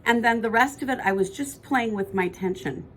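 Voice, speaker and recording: A woman's voice: a little high, normal speed, slight background noise. A woman, co-hosting a podcast in casual chat that rambles and corrects itself as she goes. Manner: chatty, rambling, self-correcting. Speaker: podcast co-host.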